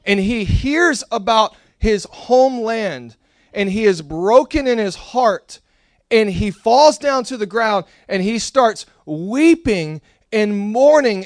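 A young man preaching a sermon, telling a story with animated acted-out dialogue. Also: high voice, dry recording, studio quality. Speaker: pastor.

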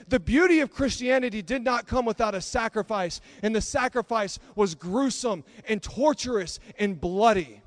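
A male preacher giving a passionate sermon, building to loud emphatic peaks and dropping to quiet, intense stretches. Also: high voice, normal speed, few pauses, dry recording.

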